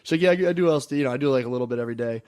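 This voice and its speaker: A man co-hosting a podcast, telling rambling, fast anecdotes full of quoted asides in casual chat. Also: medium pitch, darkish tone, clear, resonant tone. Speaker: podcast co-host. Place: podcast studio.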